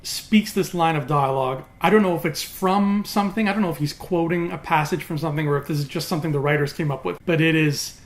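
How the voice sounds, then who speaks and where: A man talking casually as a TV reviewer, recapping in an animated way with quick acted quotes. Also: fairly high pitch.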